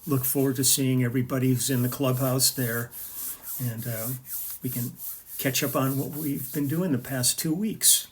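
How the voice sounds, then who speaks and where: An older man spins loose stories straight to his viewers, full of ums and false starts. His voice sits at an everyday middle pitch, and the talk stays easygoing and unscripted. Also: fairly even intonation, moderate pace, a little hiss or hum. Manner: rambling storyteller with fillers and restarts. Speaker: session bassist and video host. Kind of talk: casual chat to camera.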